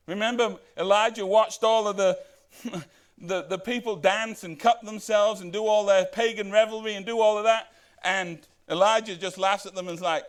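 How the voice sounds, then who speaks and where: Male pastor, high register, casual sermon delivery, lots of rhetorical questions. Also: fairly quick, fairly bright tone. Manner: conversational, rhetorical questions, acts out quoted lines.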